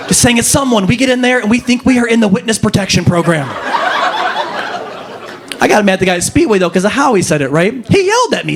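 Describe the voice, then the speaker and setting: A man performing a stand-up comedy set, telling stories with animated, rising punchlines. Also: fast talker, background noise. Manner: animated storytelling, jumps to high pitch for punchlines.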